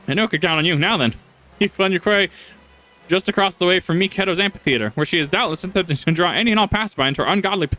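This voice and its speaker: A man's voice: high-pitched, rapid-fire, pushed and bright, faint music behind, pitched above the performer's own voice. A man doing a grandly theatrical 1920s-announcer investigator. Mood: urgent. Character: dramatic male investigator, old-timey and grave. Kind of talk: reading game dialogue aloud.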